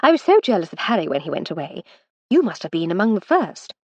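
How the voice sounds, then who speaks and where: A woman voicing a witty, charming Edwardian lady in an audiobook, teasing and brisk. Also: on the low side, very animated, slightly rough, no room sound, full character voice.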